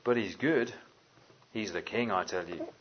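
A man reading aloud as an insistent male beaver from a storybook, with a husky voice. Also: on the low side, a little slow, dull audio, pitched below the performer's own voice.

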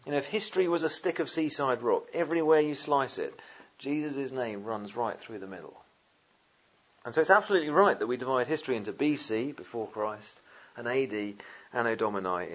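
Husky preacher giving a sermon. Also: male voice, mid-range voice, brisk, dull audio. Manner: animated, jokey asides, frequent "uh" and "you know".

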